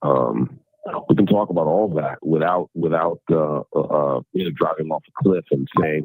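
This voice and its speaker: A man speaking as an interview guest in casual conversation, halting, with many repeated words and restarts. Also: rumbling low, no echo. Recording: tinny phone-like remote call audio.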